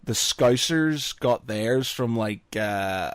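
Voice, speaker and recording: A man's voice: mid-range voice, animated, slow pace, smooth, no echo, clean studio sound. A man with a Northern Irish accent, co-hosting a podcast in casual chat, rambling and laughing often. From Northern Ireland. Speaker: podcast co-host.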